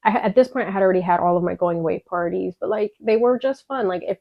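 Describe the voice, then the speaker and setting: Speaking quickly in a creaky, medium-pitched voice, a young Chicago vlogger shares her story candidly, getting emotional, swearing, and rambling with lots of fillers. The recording is dry, dull, and lo-fi.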